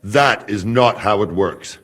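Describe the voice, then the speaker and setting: An actor voicing a proud male guard with a Hungarian accent in a video game, speaking calmly and with quiet menace. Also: lowish voice. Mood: firm. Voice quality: calm, measured, menacing.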